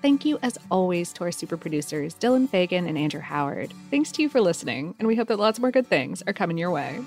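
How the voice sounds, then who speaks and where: A woman's voice: fairly low pitch, big pitch swings, fast talker, a little mellow, faint music behind. A woman co-hosting a podcast, chatting casually and reading listener mail, with many "like"s and "um"s. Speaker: podcast co-host.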